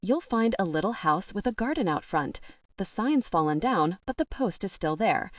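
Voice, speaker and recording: A woman's voice: mid-range voice, animated, moderate pace, dry recording, studio quality, distant mic, lightly acted. Woman doing a harried village mother. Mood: exasperated. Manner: exasperated, chatty. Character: harried village mother scolding her kids.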